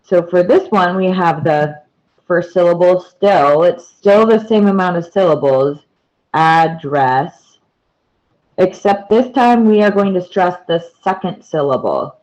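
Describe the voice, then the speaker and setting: A woman's voice: fairly low pitch, unhurried, a little mellow, muffled recording. A woman teacher giving a patient classroom explanation, repeating key words and pointing to examples. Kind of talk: slow, deliberate classroom explanation.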